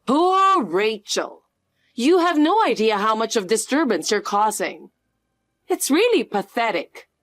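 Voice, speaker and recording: A synthetic woman's voice reading the lines of a spiteful middle-aged mother-in-law in an even, flat delivery. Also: on the high side, a little slow, no room sound, studio quality. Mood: scornful. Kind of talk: scripted story narration.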